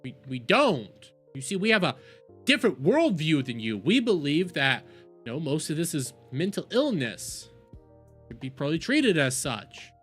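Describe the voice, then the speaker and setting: A woman's voice: sits low, sing-song, unhurried, slightly rough, soft background music. A woman streamer giving reaction commentary, ranting in exasperation and often repeating her words.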